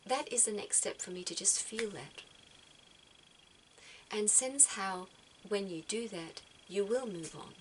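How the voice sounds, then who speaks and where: Woman, soft-spoken, reflective advice, middle pitch, faint hiss behind. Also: unhurried, low-quality recording. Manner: soft-spoken, repeats words as she thinks. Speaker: spiritual vlogger giving advice. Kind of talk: gentle reflective talk.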